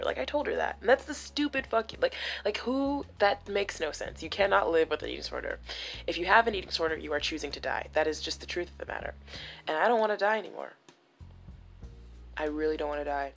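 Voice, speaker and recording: A woman's voice: lowish voice, expressive, fairly quick, gravelly. A young woman talking candidly and emotionally in a personal vlog, with many "like" fillers. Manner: emotional, confessional, full of "like" fillers. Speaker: vlogger.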